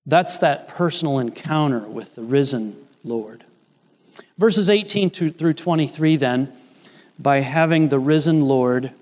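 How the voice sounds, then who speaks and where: In a space with long hall reverb, a man preaches with earnest explanation. Scripture quotations come often and build in emphasis, and his pitch lifts noticeably on the lines from Jesus and Peter.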